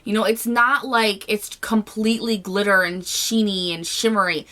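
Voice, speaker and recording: A woman's voice: medium pitch, fairly even intonation, normal speed, sharp tone. A woman giving a casual, gushing makeup review to camera, chatty and full of fillers. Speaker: beauty vlogger.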